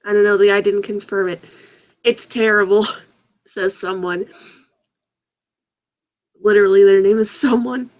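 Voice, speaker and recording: Girl slowly reading bad fanfic out loud, keeps cracking up and tripping over the words. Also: medium pitch, steady tone. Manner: giggly, breaks into laughter while reading; puzzled, stumbling over awkward text. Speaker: video host reading fan fiction and comments aloud. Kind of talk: casual comic read-aloud.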